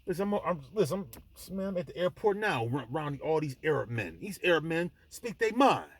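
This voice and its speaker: A man with a husky, mid-pitched voice delivers a blunt, preachy rant straight into the mic. His pitch swings widely as he hammers his points. He keeps circling back over the same words, and the sound stays dry and close. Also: sing-song, fairly quick, dry recording. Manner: blunt, emphatic, preachy, with repeated restarts. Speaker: vlog host. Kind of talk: impassioned monologue to the camera. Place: airport.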